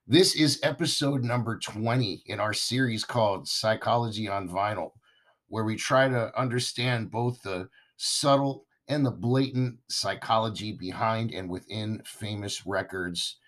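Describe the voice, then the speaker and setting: A man hosting a podcast in a casual, chatty monologue, his voice hoarse and raspy as he recovers from losing it. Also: on the low side, unhurried, a bit bright. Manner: chatty, enthusiastic, talks straight to listeners. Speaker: podcast host.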